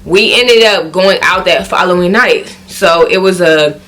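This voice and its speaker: A woman with a Southern country accent telling a story on her vlog, animated and acting out what people said in high, excited exclamations. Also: measured pace. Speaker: vlogger.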